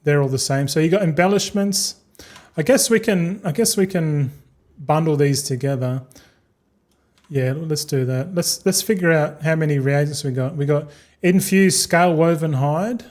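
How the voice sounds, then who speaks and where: Casting: young male streamer, slightly high voice, loose, sweary, chatty. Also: moderate pace, darkish tone. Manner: rambling, swearing, talks to chat. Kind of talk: casual livestream chat.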